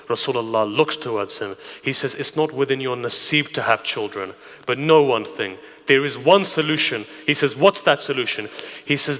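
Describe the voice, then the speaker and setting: A man preaching a sermon through stories, dropping to hushed whispers and then rising to loud emphasis. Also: mid-range voice, moderate pace. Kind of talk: sermon storytelling. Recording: long hall reverb.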